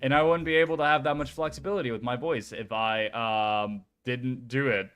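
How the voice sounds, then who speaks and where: With a clean tone and moderate pace, a young man streams and chats excitably in a casual way. His voice is mid-range; he talks in bursts, curses freely, and faint music sits behind him.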